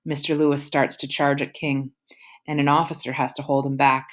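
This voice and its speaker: A woman reads a novel aloud in a low voice. Now and then she drops into quiet whispered asides. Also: level tone, normal speed. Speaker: audiobook reader.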